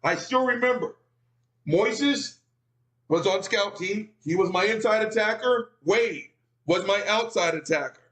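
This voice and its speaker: High, bright, foul-mouthed storyteller man. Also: unhurried. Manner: animated, profane, addresses audience as gang. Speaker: streamer telling a story. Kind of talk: profane storytelling.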